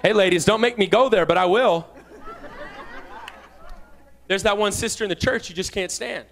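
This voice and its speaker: A young man preaching with a notably high voice, fervent and urgent. He swings from hushed asides to loud shouted calls, keeping a lively, personal sermon tone. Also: gravelly. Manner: fervent, rising to shouts, with quick asides and laughs. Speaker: guest preacher.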